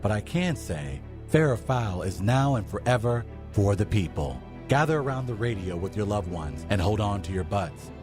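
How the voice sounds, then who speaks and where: A man's voice: lowish voice, sing-song, moderate pace. A man giving a scripted, mock-grand introduction to a segment in a solemn announcer manner. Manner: solemn, overblown announcer delivery. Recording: clear music bed under voice.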